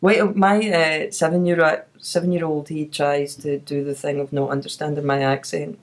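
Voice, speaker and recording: A woman's voice: low voice, little pitch movement, normal speed. A middle-aged Scottish woman hosting a podcast, chatting and telling anecdotes with frequent laughter. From Scotland. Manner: chatty storyteller, laughs often. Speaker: podcast host. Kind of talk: casual chat.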